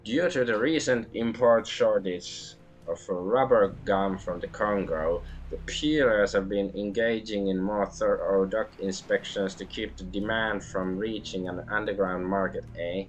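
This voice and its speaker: A man doing a gruff Canadian smuggler. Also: lowish voice, soft background music, natural voice, rough recording. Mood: wary bargaining. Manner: ends lines with a drawn-out "eh". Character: gruff, mercenary middle-aged male Canadian smuggler.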